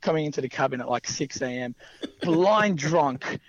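A man's voice: fairly high pitch, expressive, normal speed, no echo. Rambling young man, dull dry sound. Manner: rambling, laughs often, many fillers. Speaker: wrestler guest. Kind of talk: casual anecdotal storytelling.

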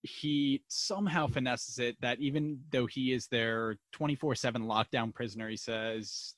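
A man's voice: mid-range voice, moderate pace, no echo. A man co-hosting a casual podcast, enthusiastically recapping and discussing a TV episode with friends. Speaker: podcast co-host.

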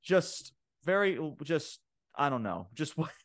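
Excitable man recapping wrestling, laughing. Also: fairly high pitch, takes it slowly, a crowd in the background. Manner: excitable, laughing, many fillers like "like" and "freaking". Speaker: podcast co-host reviewing wrestling. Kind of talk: casual wrestling recap chat.

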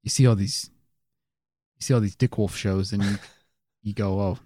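A man co-hosting a comedy podcast, delivering absurd jokes in a deadpan way with chuckles. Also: on the low side, normal speed, no echo, clean studio sound. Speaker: podcast co-host. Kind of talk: improvised comedy banter.

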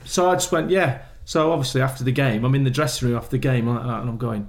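A man's voice: medium pitch, fast, hardly any pauses. A man, a former footballer telling stories as a guest, acting out quotes and laughing often. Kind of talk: anecdotal storytelling.

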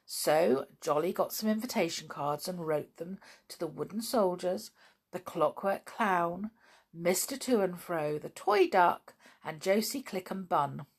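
A woman reading a children's storybook aloud in a gentle, expressive, unhurried way. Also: on the low side, creaky, slightly rough.

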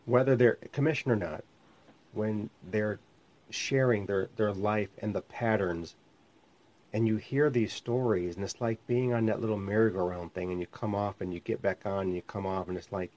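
A man's voice: lowish voice, steady tone, normal speed, darkish tone. A man who is a minister and podcast host, teaching in a conversational, rambling way and often correcting himself. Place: home studio called the lab. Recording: slightly muffled lo-fi sound.

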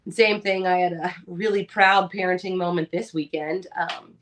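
A woman's voice: lowish voice, steady tone, moderate pace. A woman in her thirties, a mother of four, talking candidly and with animation in a casual chat, swearing now and then. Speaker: podcast co-host.

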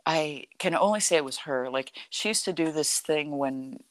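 A middle-aged woman telling a personal story in a conversation, animated and full of "like" and "you know". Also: low voice, normal speed, dry recording. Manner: animated, acts out quoted dialogue, frequent "like" and "you know".

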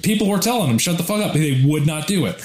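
Brief: male podcast co-host, animated storyteller who swears a lot, echoey room. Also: a little high, fast. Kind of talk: casual podcast chat.

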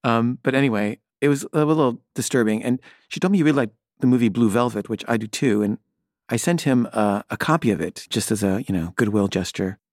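A man's voice: mid-range voice, a little fast, a little mellow, no room sound, studio quality. A middle-aged man, a filmmaker, telling a personal story in a hesitant, wry, rambling way with many fillers and restarts.

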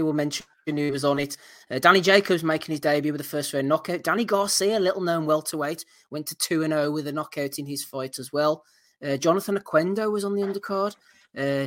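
A man's voice: fairly high pitch, a bit bright. A man hosting a boxing podcast, steadily running through results and steering the talk. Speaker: podcast host. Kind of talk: casual boxing chat.

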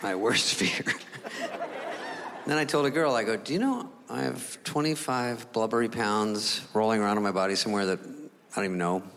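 A man doing stand-up comedy, animated, jumping into other voices and sound effects. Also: lowish voice, a little fast, a little hiss or hum. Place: comedy stage before an audience. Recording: live in a hall with crowd laughter.

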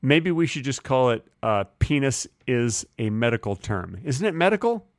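A middle-aged man co-hosting a comedy podcast, making absurd claims with a deadpan, insistent delivery in improvised banter. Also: mid-range voice, moderate pace, no room sound, studio quality. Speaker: podcast co-host.

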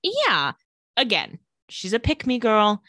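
A woman's voice: on the high side, slow, dry recording. A woman co-hosting a casual podcast, retelling a TV episode and acting out the characters' lines. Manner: animated retelling with acted-out quotes. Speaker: podcast co-host recapping a TV episode. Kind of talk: casual chat.

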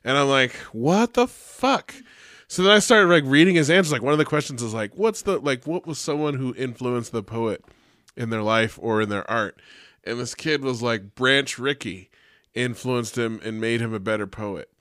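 A man's voice: medium pitch, normal speed, no echo, studio quality. Young man telling a profane teacher story. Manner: animated and profane, heavy use of "like", acts out quotes. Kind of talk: casual storytelling chat.

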